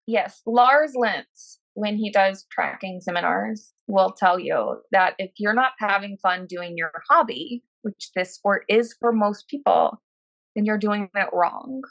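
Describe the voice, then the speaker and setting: A woman host of medium pitch chats on a podcast and keeps backing up her guest with quick agreement. Her voice sounds dry and close, with no room echo. Her manner is easygoing and conversational. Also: fairly bright tone. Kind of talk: casual podcast chat.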